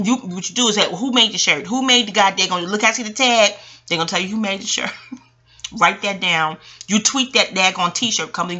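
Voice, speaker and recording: Woman, 40s, astrologer, loose rambling monologue, very bright and sharp tone, salty and animated with quick laughs. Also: medium pitch, breathy edge. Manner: animated, profane, laughing asides.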